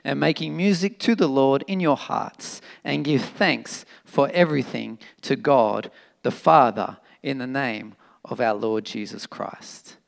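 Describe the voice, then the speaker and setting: A man preaching a sermon in an animated, emphatic, conversational way, with fillers and restarts. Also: medium pitch, a little slow, gravelly. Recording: long reverb of a hall.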